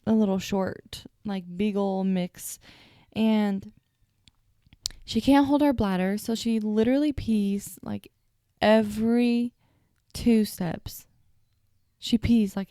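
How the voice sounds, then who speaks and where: Sleepy, gravelly-voiced young woman. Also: medium pitch, mellow, no echo, clean studio sound. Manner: chatty, self-deprecating, stutters at times. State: sleepy, yawning. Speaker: podcast host. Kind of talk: casual solo storytelling.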